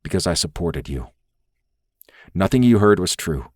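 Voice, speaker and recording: A man voicing an earnest male lover, a secret federal agent, pleading in a soft, low, urgent way. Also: sing-song, moderate pace, no echo, studio quality.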